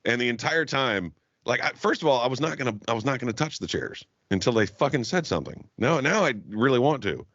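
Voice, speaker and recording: A podcast co-host with a mid-range voice speaks a little fast, his intonation lively and his tone fairly bright. He tells profane stories through laughter in casual chat, acting out what other people said. The podcast audio is dull and lo-fi, with no room sound.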